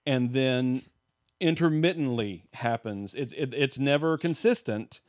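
A man's voice: medium pitch, measured pace, no room sound. A man co-hosting a casual movie podcast, blunt and dry as he retells scenes. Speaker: podcast co-host.

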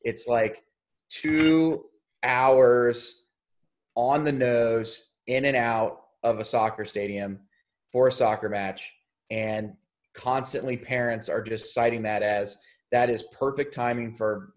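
Sports talk cohost guy, explains stuff carefully, hedges a lot, average pitch. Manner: thoughtful, explanatory, hedging.

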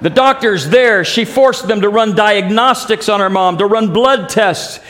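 A man preaching, retelling a dramatic testimony with emphatic pauses. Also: high voice, fairly bright tone. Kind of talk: sermon storytelling.

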